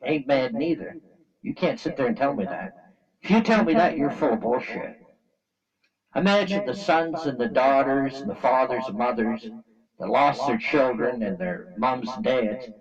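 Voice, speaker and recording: A man's voice: medium pitch, expressive, normal speed, recorded from a distance, dull audio, crowd noise. A man from Canada giving a blunt, angry opinion rant to camera, talking in a colloquial, repetitive way. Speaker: vlogger.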